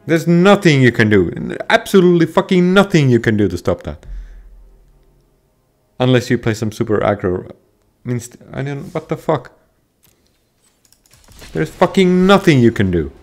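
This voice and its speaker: A man playing a card game online, grumbling and swearing at it, at times yelling in frustration. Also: mid-range voice, big pitch swings, normal speed, pauses often. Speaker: gamer streaming a card game. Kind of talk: angry gameplay commentary.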